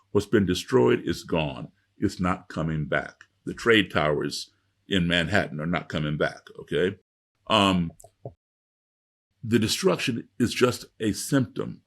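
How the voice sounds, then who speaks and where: A man's voice: lowish voice, gravelly, slightly rough. A middle-aged man telling a story in an interview, lecturing with emphatic repetition. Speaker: guest speaker.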